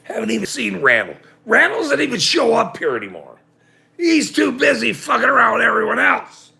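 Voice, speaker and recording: A man's voice: very high voice, wildly swooping pitch, brisk, creaky, pushed and bright. A middle-aged man hosting a livestream, ranting sarcastically and swearing freely as he talks to his chat. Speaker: livestream host.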